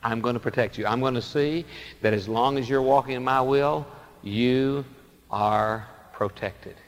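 Pastor guy preaching, big storytelling swings loud to soft, long hall reverb around him. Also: mid-range voice, unhurried. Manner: dramatic storytelling, swings between loud emphasis and soft asides. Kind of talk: sermon.

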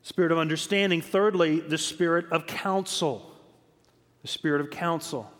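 A man with a fairly high voice delivers a sermon from the pulpit, pressing each point with emphasis and circling back on his words as he tells stories. His voice rings out with a long reverb, as in a large church sanctuary. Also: steady tone, moderate pace, a bit bright. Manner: emphatic storytelling with repeated words. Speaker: preacher.

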